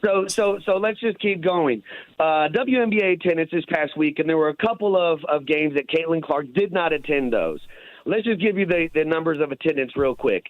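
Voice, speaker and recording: A man's voice: a little high, animated, brisk, no room sound. A man calling in as a regular radio guest, talking bluntly and casually with lots of "dude" and "man". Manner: blunt, slangy, peppers talk with "dude" and "man". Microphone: phone. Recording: tinny dry phone line.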